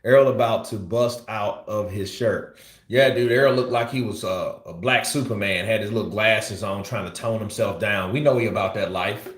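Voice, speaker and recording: A man's voice: on the low side, moderate pace, reverberant. A man hosting live boxing commentary, blunt and profane, ranting and teasing as he talks. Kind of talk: livestream commentary.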